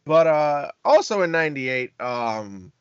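A man's voice: a little high, very animated, unhurried, muffled recording. A man co-hosting a casual music podcast, talking at length with enthusiasm. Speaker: podcast co-host. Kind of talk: casual chat.

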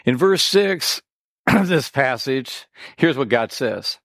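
Slow, dry-voiced male preacher. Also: mid-range voice, no room sound. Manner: animated preaching with sarcastic asides. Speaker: pastor. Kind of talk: sermon.

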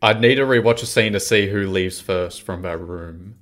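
A man co-hosting a casual chat, recapping scenes in a relaxed, slangy way. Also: sits low, normal speed. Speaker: podcast co-host.

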